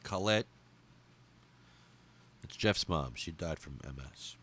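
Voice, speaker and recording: Deep-voiced guy hosting a podcast, gets choked up and swears a lot, halting pauses. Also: lively intonation, a bit bright. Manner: heartfelt, angry and profane, with halting pauses. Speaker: podcast host. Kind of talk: emotional monologue reading a memorial list.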